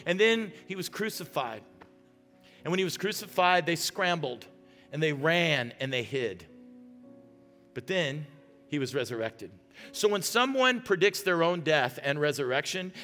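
A male pastor delivers a sermon in an earnest, pleading way, sinking to a hush for prayer. His voice sits a little high and rings bright. It carries the long reverb of a large hall over faint music. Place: church auditorium.

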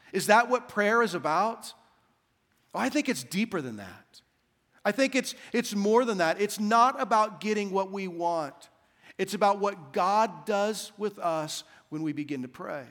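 A man preaching a sermon as senior pastor, repeating key phrases in a slow, emphatic cadence. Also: high voice, fairly bright tone, in a large hall.

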